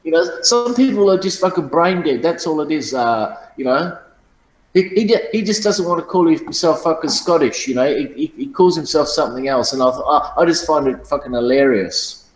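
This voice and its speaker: A man's voice: fairly high pitch, lively intonation, normal speed, reverberant, poor audio. A man telling profane, boastful stories in casual chat, often laughing at his own tales. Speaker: channel host.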